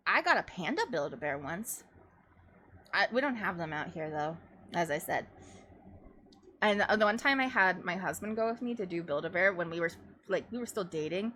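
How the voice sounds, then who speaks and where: A young adult woman hosting a livestream, chatting casually in a rambling, animated way and often breaking into laughter. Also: lowish voice, moderate pace, slight background noise. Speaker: livestream host. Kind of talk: casual chat.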